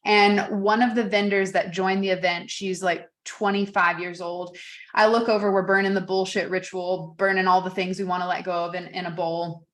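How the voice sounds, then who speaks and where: A woman's voice: on the low side, level tone, normal speed, fairly bright tone. A woman hosting a podcast in a candid, loose way, now and then swearing casually. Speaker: podcast host.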